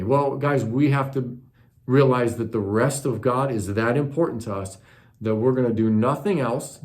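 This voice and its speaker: Guy preaching, chatty and earnest, keeps asking the room questions. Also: mid-range voice. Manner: earnest, conversational teaching with rhetorical questions. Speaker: pastor. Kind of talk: sermon.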